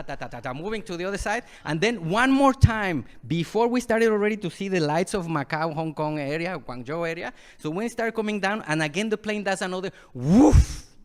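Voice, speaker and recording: A man from Mexico, a Buddhist monk, gives a dharma talk in a fairly high voice. He tells his story with vivid sound effects and acted-out moments.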